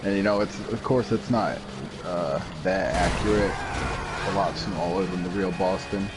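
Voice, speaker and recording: Deep voiced guy explaining stuff while gaming, lots of ums, loud game noise behind. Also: normal speed. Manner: rambling, explains at length, many fillers. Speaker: gamer. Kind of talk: casual chat while gaming. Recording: noisy game audio behind.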